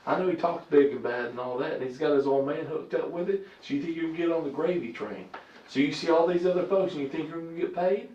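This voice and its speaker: Cop guy grilling a suspect, cussing, kinda high voice, muffled and far from the mic. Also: fast talker, darkish tone. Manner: blunt, profane, confrontational. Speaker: police detective interrogating a suspect. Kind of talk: police interrogation. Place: interrogation room. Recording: echoey, muffled room recording from a distant mic.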